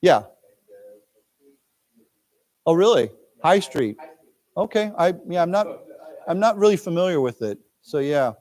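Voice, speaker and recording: A man's voice: high voice, very animated, a little slow, long pauses, a little mellow. An American man teaching English, who explains words patiently and drills his class in a library lecture room. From United States.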